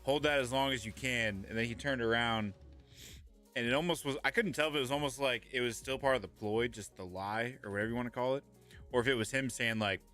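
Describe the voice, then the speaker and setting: A man's voice: medium pitch, fast, fairly bright tone, faint music behind. A young man co-hosting a podcast, retelling events in a rambling, laid-back way. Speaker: podcast co-host. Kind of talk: casual chat.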